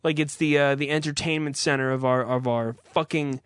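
A man's voice: mid-range voice, fairly even intonation, moderate pace, clean tone, dry recording, studio quality. A young man hosting a podcast, ranting in an irritated, profane, unscripted way, then reading an ad. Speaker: podcast host. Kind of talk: profane rant and ad read.

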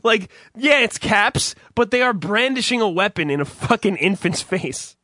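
A man's voice: high voice, expressive, normal speed, bright, forceful tone, dry recording, clean studio sound. A young man co-hosting a podcast in loose casual chat, rambling, swearing and laughing often. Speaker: podcast co-host.

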